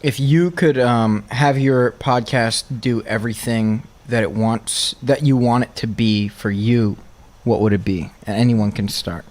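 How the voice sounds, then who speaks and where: A man's voice: medium pitch, steady tone, unhurried, few pauses, a little mellow. A man hosting a casual podcast, asking his guests questions in an upbeat way. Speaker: podcast host. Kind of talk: casual chat.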